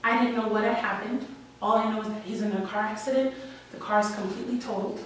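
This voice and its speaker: Speaking fast with a steady, medium-pitched tone, a young Washington Heights woman shares a frank, wry and emotional story of her own at a live story slam. A distant mic picks her up in an echoey room with faint ambience and slight background noise.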